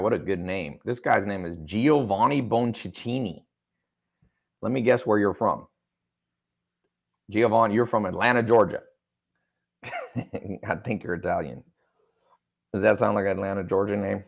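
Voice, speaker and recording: Working from a studio with a sound engineer, an online business mentor hosts a livestream, reading out viewer comments and cracking jokes. His voice is on the low side with vocal fry.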